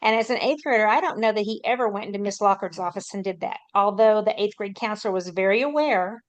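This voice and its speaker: A woman's voice: mid-range voice, quick pace, dull audio. A woman who works as a school counselor, telling a matter-of-fact anecdote in a panel talk.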